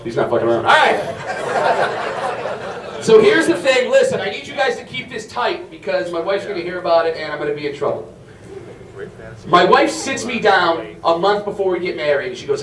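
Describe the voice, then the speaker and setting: Man, stand-up comic, brash, profane, high voice, echoey room, mic at a distance. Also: very animated, fairly quick, pauses often, a crowd in the background. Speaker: stand-up comedian. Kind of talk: stand-up comedy set. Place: comedy club stage.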